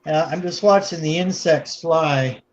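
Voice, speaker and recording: Man, panel guest, slightly higher voice, muffled lo-fi mic. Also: a little slow. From Kentucky. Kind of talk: casual chat. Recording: dull lo-fi audio with faint noise.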